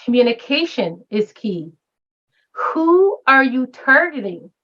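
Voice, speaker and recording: A woman's voice: sits high, sing-song, takes it slowly, highs cut off. A retired woman professor speaking as a guest in a round-table discussion, emphatic and posing rhetorical questions.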